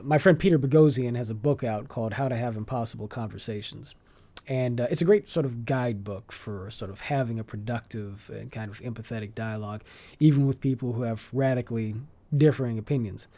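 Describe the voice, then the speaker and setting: A man speaking as a podcast guest, measured and articulate in long flowing sentences, now and then restarting a phrase as he searches for words. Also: mid-range voice, warm tone. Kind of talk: conversational interview.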